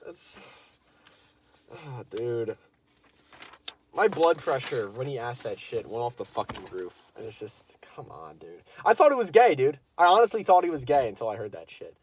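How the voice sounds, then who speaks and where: A teenage boy telling a story in a casual vlog, rambling, swearing constantly and filling every pause with "like". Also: mid-range voice, sing-song, a little hiss or hum. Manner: rambling, profane, full of "like" fillers.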